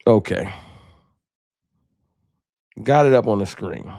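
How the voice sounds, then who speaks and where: A man with a slight lisp hosting a casual sports talk live stream, talking straight to his chat in slangy, animated bursts. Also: mid-range voice, moderate pace.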